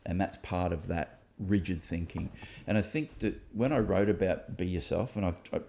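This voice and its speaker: A man with a low voice talks through his own ideas in a relaxed conversation. He is reflective and thinks aloud, pausing on fillers and starting sentences over as he goes. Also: vocal fry, background noise. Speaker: author and host. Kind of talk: casual discussion.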